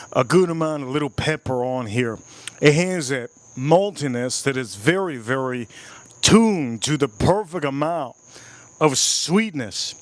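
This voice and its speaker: A man's voice: fairly high pitch, no room sound. A man hosting a live stream, reviewing whiskey and cooking, enthusiastic, repeating phrases and talking to his chat. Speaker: livestream host.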